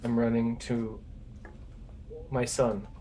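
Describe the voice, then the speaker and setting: A man's voice: medium pitch, little pitch movement, slow pace, dark tone, poor audio. A man playing his character in a tabletop game, speaking earnestly and with emotion. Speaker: player.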